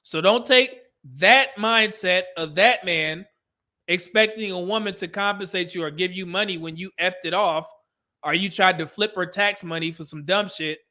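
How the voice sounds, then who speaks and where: A man's voice: high-pitched, normal speed, bright, forceful tone. A man hosting a show, giving blunt, emphatic, opinionated commentary. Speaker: show host.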